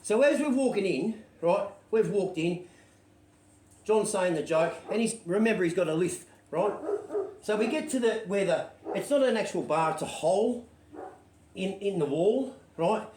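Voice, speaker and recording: A man's voice: sits high, lively intonation, moderate pace, a little mellow, slight background noise. Rambling man spinning a yarn. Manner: rambling, checks in with "right?" constantly, swears freely. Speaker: show host telling a story. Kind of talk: casual anecdotal storytelling. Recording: roomy echoey sound.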